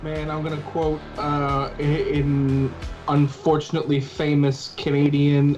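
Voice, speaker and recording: A man's voice: fairly high pitch, completely flat delivery, unhurried, darkish tone, lo-fi sound, soft background music. A man co-hosting a stream, joking and teasing the others. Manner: teasing, jokey. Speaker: podcast co-host. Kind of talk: casual livestream chat.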